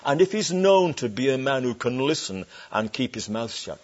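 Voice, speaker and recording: A man preaching a sermon to a church congregation. He is emphatic, slows down to stress scripture phrases, and asks the congregation rhetorical questions. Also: mid-range voice, sing-song. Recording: dull lo-fi sermon recording.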